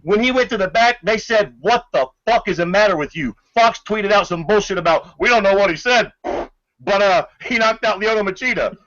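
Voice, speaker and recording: A man's voice: high voice, moderate pace, fairly bright tone. A man co-hosting a podcast, arguing in a heated, profane, incredulous way. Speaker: podcast co-host. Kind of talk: casual argumentative chat. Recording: dull lo-fi audio.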